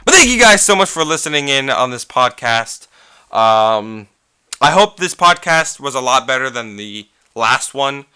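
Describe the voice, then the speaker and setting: A man's voice: medium pitch, very animated, a little slow, sharp tone, smooth, no room sound, clean studio sound. A young man hosting a casual podcast, telling a story in a rambling, profane way with many restarts and laughs. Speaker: podcast host.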